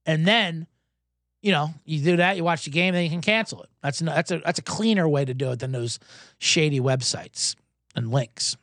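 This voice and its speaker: Profane ranting podcast host. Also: male voice, fairly high pitch, normal speed, a bit bright, no room sound, studio quality. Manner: ranting, sarcastic, profane, self-interrupting. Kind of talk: comedic sports podcast rant.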